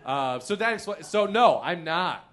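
A comedian from the Chicago area, Illinois, guests on a live podcast, telling comic stories in an expressive, somewhat high voice at a moderate pace. He laughs often and runs himself down, while loud noises from a neighboring bowling alley carry in.

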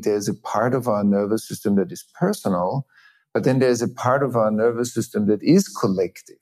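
A man with a low, warm, mellow voice talks in a reflective conversation. He thinks aloud, pausing on fillers and circling back to restart his sentences. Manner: thoughtful, halting, many restarts and fillers. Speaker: host.

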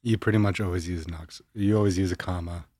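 A man's voice: deep voice, steady tone, quick pace, dark tone, dry recording. A man co-hosting a podcast with his wife, chatting casually in a dry, teasing, nitpicky way. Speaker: co-host, host's husband. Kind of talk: casual chat.

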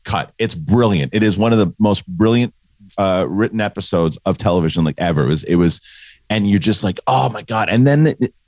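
Low-voiced man, animated podcast co-host. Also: a little fast, no room sound. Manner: animated, acts out quoted lines. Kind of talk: casual review chat.

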